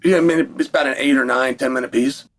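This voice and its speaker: A man's voice: medium pitch, fairly even intonation, quick pace. A man in a played clip, recounting a phone argument and acting out the quotes as he tells it. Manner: storytelling, acts out quotes. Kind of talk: recounting a story to camera.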